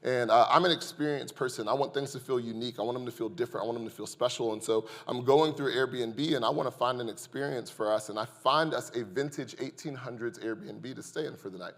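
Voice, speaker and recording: Male pastor telling funny stories from the pulpit, mid-pitch voice, big hall echo behind him. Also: quick pace, hardly any pauses. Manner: lively, joking storyteller who addresses the congregation. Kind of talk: sermon with humorous storytelling. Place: church sanctuary. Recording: long hall reverb.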